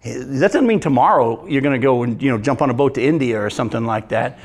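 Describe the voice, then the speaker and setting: A male pastor preaching a sermon in a conversational way, asking the congregation questions and swinging between emphatic lines and hushed ones. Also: medium pitch, fast talker. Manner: addresses congregation directly, asks questions.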